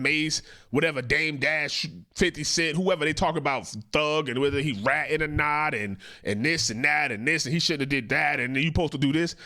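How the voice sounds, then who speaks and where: A man's voice: on the high side, a bit bright. A man hosting a reaction commentary, talking in a profane, emphatic and indignant way. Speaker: host, commentator.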